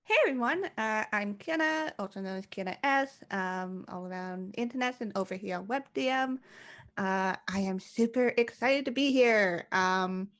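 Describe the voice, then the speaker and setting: A mid-pitched woman introduces herself as a player. She is giggly and speaks with a slight lisp. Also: moderate pace.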